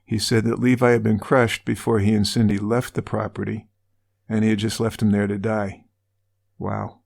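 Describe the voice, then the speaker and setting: A man's voice: lowish voice, flat delivery, normal speed, creaky, a little mellow. A man co-hosting a true-crime podcast, retelling a case casually with wry asides. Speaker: podcast co-host.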